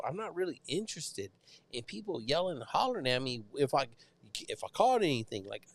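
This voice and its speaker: Man, casual host, profane, storytelling, lively pitch. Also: brisk. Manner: profane, animated, acts out neighbors in raised voices. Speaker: host of a live show.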